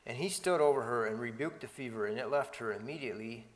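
A man with a mid-pitched voice speaks fast while leading a Bible study in an echoey space. He reads passages of scripture and adds commentary between them, now and then stumbling and starting over.

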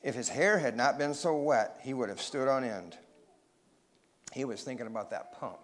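A man reading a children's story aloud, expressive and pausing to ask his listeners questions. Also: mid-range voice.

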